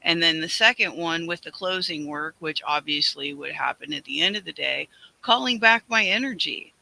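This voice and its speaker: A man with a high, sharply bright voice talks in a casual group discussion. He speaks earnestly, in measured, affirming phrases. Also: gravelly, slight background noise, rough recording. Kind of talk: casual reflective chat.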